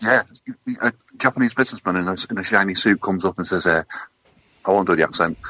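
A lively, low-pitched man, trading crude jokes with fast comebacks. His voice sounds bright and pointed, with big swings in pitch. The recording is dry and slightly dull. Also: gravelly, no echo. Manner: animated, jokey, quick comebacks. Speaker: podcast co-host. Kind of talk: crude comedic banter.

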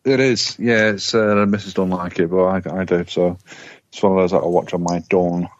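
Low-voiced laid-back man, muffled. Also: steady tone, moderate pace, dry recording. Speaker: podcast co-host. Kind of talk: casual chat.

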